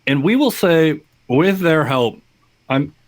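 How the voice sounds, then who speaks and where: A man narrates a tabletop game as game master, rambling and apologetic as he goes. His voice sits a little high. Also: lively intonation, slow pace. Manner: rambling, apologetic, stumbling restarts.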